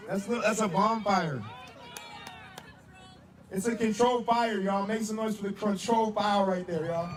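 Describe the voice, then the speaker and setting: A man with a very high voice leads a street protest, shouting a rally speech and call-and-response chants. He is picked up from some distance away. A loud, noisy crowd fills the outdoor street around him. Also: normal speed, roomy sound. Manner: shouting, repeats "am I right or am I right". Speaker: protest leader. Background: loud crowd noise.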